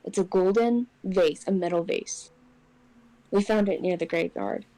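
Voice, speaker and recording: A young woman casually telling a personal ghost story on a podcast, getting animated when she acts out what people said. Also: on the low side, a little slow, no echo, rough recording. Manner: animated, acts out quotes in raised voice. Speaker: podcast co-host.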